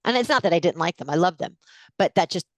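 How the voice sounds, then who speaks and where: A woman in her forties, a guest in an interview, telling a personal story in an animated way and acting out what people said. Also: fairly low pitch, fast, no room sound. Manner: animated storyteller, acts out quotes with gasps.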